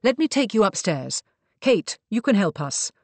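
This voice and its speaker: A woman voicing a composed, evasive gentleman who speaks smoothly and blandly. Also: medium pitch, very animated, normal speed, dry recording, voice pushed up. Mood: calm. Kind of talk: audiobook character reading.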